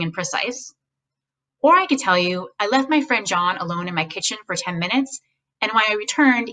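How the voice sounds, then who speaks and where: A woman speaking as a guest, giving casual, animated advice on speechwriting and mimicking voices now and then. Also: medium pitch, distant mic, low-quality recording. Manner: animated, acts out quoted voices, speaks frankly.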